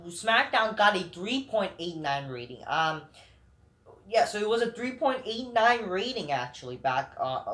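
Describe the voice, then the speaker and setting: A woman's voice: mid-range voice, fairly bright tone. A woman reviewing wrestling shows in an angry, profane, rambling rant full of restarts. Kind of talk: ranting commentary.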